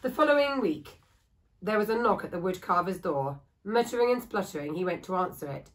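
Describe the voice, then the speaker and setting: A woman reading a children's story aloud in a steady, expressive storytelling voice. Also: medium pitch, a little fast, low-quality recording. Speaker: school staff reader.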